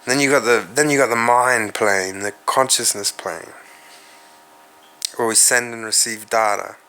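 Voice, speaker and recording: A man's voice: mid-range voice, a little slow, sharp tone, clear, resonant tone. An Australian man hosting a solo podcast, rambling and musing aloud, swearing casually and speaking straight to his viewers. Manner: musing, profane, addresses viewers directly. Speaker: podcast host.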